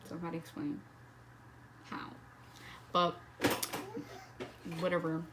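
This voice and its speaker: A woman's voice: lowish voice, completely flat delivery, slow, noisy background. A young woman telling a personal story in a casual vlog, swearing freely and saying "like" constantly. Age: young adult. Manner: casual, profane, heavy use of "like". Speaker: vlogger.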